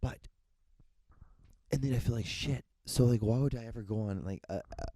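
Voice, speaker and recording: A man's voice: mid-range voice, normal speed, warm tone, no room sound. A young man hosting a solo podcast, rambling with frequent restarts and casual swearing. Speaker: podcast host.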